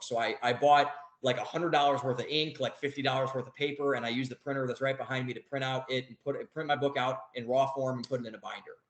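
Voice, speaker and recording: A man's voice: medium pitch, fairly even intonation, fast talker, few pauses, reverberant, rough recording. A young man telling a story as a podcast guest, rambling, with many fillers and restarts. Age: young adult. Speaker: guest author. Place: home office.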